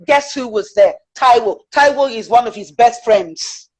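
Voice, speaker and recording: A woman with a British accent telling personal stories as a guest in an interview, animated and chatty, with frequent fillers. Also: a little high, unhurried, slight background noise, rough recording.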